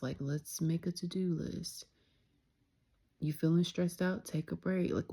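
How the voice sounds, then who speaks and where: A young woman reflects openly in a personal vlog, her voice low and dark with a gravelly edge. She speaks softly and candidly, slipping into near-whispers at times. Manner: soft-spoken, candid, drops into whispers. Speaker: vlogger.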